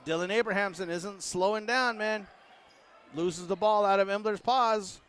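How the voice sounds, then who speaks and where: A man giving casual play-by-play of a high school basketball game, joking and voicing what the players might be saying. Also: normal speed, fairly bright tone, slight background noise. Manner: joking, voices the players' imagined words. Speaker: play-by-play announcer. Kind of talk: casual sports commentary.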